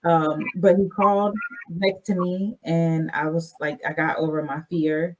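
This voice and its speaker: A woman's voice: low-pitched, level tone, unhurried, lo-fi sound, background noise. A woman who is an army veteran, a guest on a podcast interview, telling her stories in a candid, loosely structured way.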